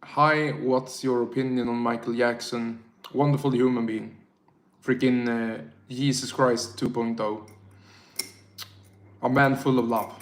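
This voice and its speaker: A man's voice: medium pitch, level tone, measured pace, long pauses, echoey room. A tipsy man from Sweden with a Swedish accent, chatting casually on a livestream and reading out chat in a rambling, slangy, self-mocking way.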